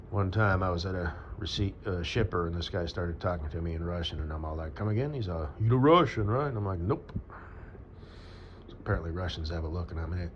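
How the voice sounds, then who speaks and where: A man's voice: deep voice, a little hiss or hum. An American man rambling crudely to his audience in a monologue, full of fillers and asides. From United States. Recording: dull lo-fi sound with faint background ambience.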